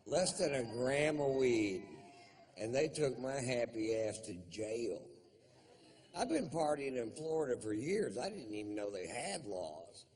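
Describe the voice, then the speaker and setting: A male stand-up comedian telling stories in a dry, deadpan way with crude punchlines. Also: mid-range voice, a little slow, a crowd in the background.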